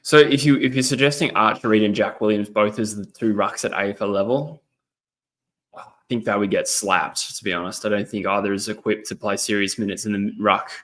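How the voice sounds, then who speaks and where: This is a young Australian man running a laid-back footy livestream from a laptop indoors, fairly quick and a touch bright, with a lowish voice and fairly even intonation. He rambles through match commentary and viewer chat, full of ums, reading chat messages aloud as he goes.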